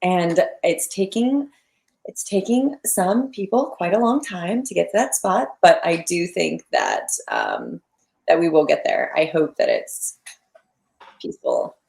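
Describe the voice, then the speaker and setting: A woman's voice: on the low side, sing-song, unhurried, gravelly, darkish tone. A woman from Florida, a podcast guest in casual chat, blunt and outspoken.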